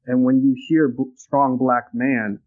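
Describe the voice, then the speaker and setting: A man's voice: mid-range voice, flat delivery, a little slow, phone-quality sound. A young man telling a personal story in casual conversation, reflective and earnest, often restarting his sentences. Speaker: guest.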